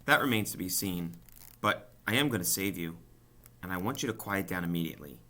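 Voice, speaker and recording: A man voicing a wise female spider who speaks firmly and briskly. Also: low-pitched, animated, pushed and bright. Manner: firm, brisk, composed.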